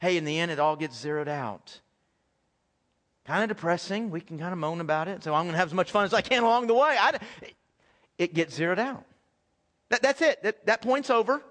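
Casting: male pastor, very high voice, chatty sermon full of rhetorical questions and restarts. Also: lively intonation, a little fast, pauses often, fairly bright tone. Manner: conversational preaching with rhetorical questions and repeated restarts. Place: church hall with audience.

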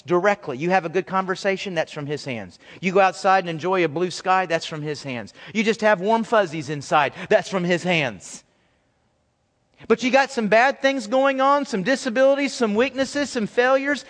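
A male pastor giving a conversational, animated sermon, acting out quoted voices as he goes. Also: high-pitched, in a large hall.

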